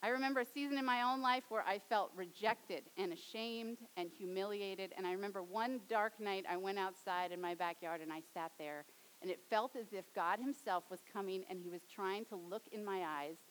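A young adult woman preaching a sermon, dropping to a soft, hushed tone for storytelling and rising to emphatic appeals. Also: mid-range voice, normal speed, slight background noise, low-quality recording.

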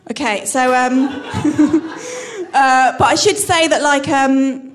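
A woman doing a halting, self-deprecating stand-up set on a club stage, full of restarts. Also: high voice. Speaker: stand-up comedian.

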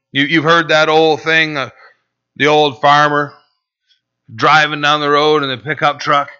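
A man's voice: mid-range voice, sharp tone, clean tone. A man preaching as a pastor, emphatic and drawn out, often asking "right?". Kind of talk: sermon. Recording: dull lo-fi recording.

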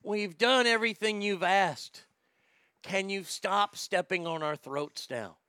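A man's voice: high-pitched, takes it slowly, bright, forceful tone, clean tone, no room sound, clean studio sound. A male comedian hosting a livestream, reading chat aloud and ranting in a blunt, profane way. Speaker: comedian host.

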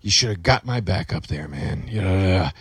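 A man's voice: fairly low pitch, lively intonation, moderate pace, fairly bright tone, breathy edge, no echo. A male comedian telling a story in casual podcast talk, acting out the quotes with plenty of life.

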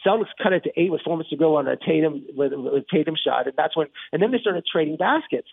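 A man hosting a sports talk show, recapping a game in a rambling, excited monologue full of restarts and asides. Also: on the high side, fast talker, vocal fry, slightly rough, no echo. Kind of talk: casual sports commentary monologue. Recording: tinny phone-like radio line.

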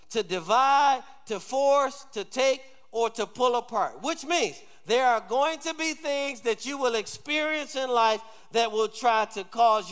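A man's voice: extremely high pitch, fairly bright tone, long reverb tail. A male pastor preaching a sermon, calling on the congregation to answer back and say amen. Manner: call-and-response preaching, urging the congregation. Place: church sanctuary.

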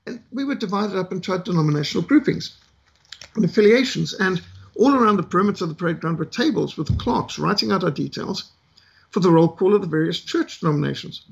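A middle-aged South African man telling a story from his past, unhurried and pausing often with "uh". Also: high-pitched, animated, gravelly, slightly rough, lo-fi sound. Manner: unhurried with frequent "uh" pauses. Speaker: ministry speaker. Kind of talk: storytelling testimony.

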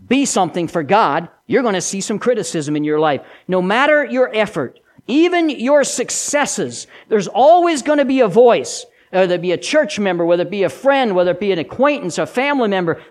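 A man preaching a sermon with an emphatic delivery, repeating key lines and swinging between loud and soft. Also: sits high.

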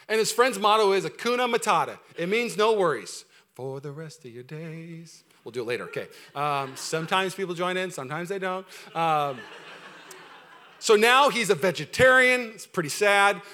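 The pastor's voice sits high and moves at a normal speed as he preaches energetically, alternating forceful urgency with soft, personal asides.

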